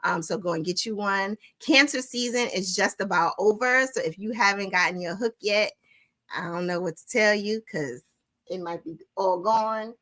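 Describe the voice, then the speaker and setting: A woman's voice: mid-range voice, normal speed. A middle-aged woman hosting a weekly live stream, telling stories in a casual chat and talking straight to her viewers. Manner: animated storytelling, warm address to viewers ("y'all"). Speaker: host of a weekly crochet livestream.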